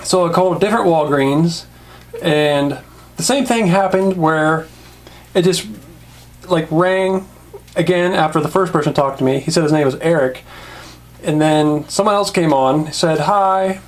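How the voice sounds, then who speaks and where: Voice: medium pitch, moderate pace. Chatty toy reviewer. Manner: chatty, swears, laughs often. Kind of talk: casual review and rant.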